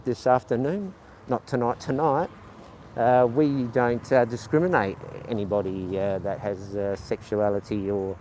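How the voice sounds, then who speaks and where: A man with a mid-range, darkish voice runs a casual walking livestream on city streets, stuttering and rambling through plenty of ums. He snaps back at his chat with sarcasm, while faint street noise hums in the background.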